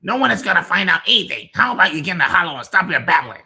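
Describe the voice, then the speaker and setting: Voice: mid-range voice, sing-song, rapid-fire, vocal fry, bright, forceful tone, slightly rough, full character voice. Whiny bickering rat creatures. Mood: anxious. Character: squabbling cowardly rat creatures on the run. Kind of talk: video game character dialogue.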